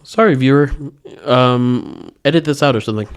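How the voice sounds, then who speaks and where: A man's voice: medium pitch, smooth. Incredulous swearing young man, mid voice. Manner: incredulous, swearing, quick to joke. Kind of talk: casual chat.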